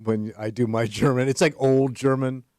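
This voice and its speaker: A man cohosting casual morning radio banter, teasing with deadpan jabs. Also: medium pitch, moderate pace, no room sound, studio quality. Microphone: studio microphone.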